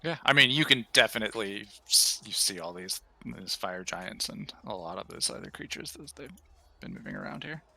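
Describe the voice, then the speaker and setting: A man narrating as game master of an online tabletop game, quick and chatty, laughing easily. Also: lowish voice, lively intonation, vocal fry, pushed and bright.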